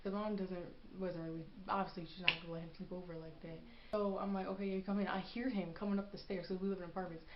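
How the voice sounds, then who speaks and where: A woman's voice: on the low side, fast, a little hiss or hum. Young woman telling a rambling story. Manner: rambling, animated storytelling full of fillers. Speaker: vlogger. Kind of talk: storytime vlog. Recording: echoey room, dull lo-fi sound.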